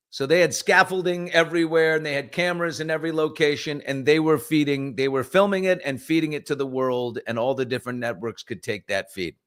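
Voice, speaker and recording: A middle-aged man hosting a casual morning talk show, telling stories with lively acted-out quotes. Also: a little high. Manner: animated storyteller, acts out quotes and whispers. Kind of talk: casual storytelling chat.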